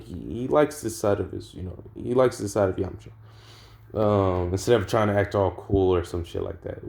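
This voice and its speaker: A man's voice: lowish voice, a little mellow. Laid-back, slangy young man storyteller. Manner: laid-back, slangy, swears, trails off with ums. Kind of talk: casual fan-story narration.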